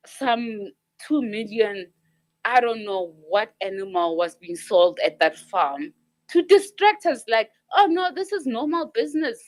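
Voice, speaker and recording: A woman speaking up in a live audio chat room, frustrated and pleading, often repeating herself. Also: on the high side. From South Africa. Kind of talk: emotional spontaneous speech.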